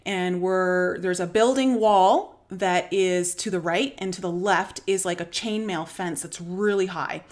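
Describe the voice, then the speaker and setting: A woman's voice: on the low side, measured pace, hardly any pauses. Canadian woman rambling through a dream story. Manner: rambling storytelling with many fillers and small laughs. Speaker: spiritual vlogger. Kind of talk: live-stream dream retelling.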